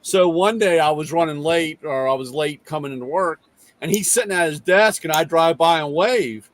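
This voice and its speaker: This middle-aged male host rambles through a garage story in a casual talk, animatedly acting out both sides of the conversation with quoted dialogue. His voice is a little high and moderately paced, with no room sound.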